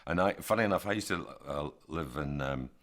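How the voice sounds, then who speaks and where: A man speaks in a very deep voice, musing through anecdotes in a documentary interview. He is relaxed and conversational. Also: a little fast. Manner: reflective, anecdotal.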